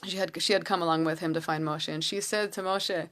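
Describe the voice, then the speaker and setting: A woman giving a casual, earnest Torah talk from home, retelling a story with halting restarts. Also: lowish voice, fairly even intonation, fairly bright tone. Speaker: Torah teacher.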